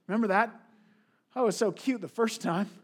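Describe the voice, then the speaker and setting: A man's voice: sits high, a little fast, breathy edge. A middle-aged man, a pastor preaching a sermon in an earnest way, asking rhetorical questions.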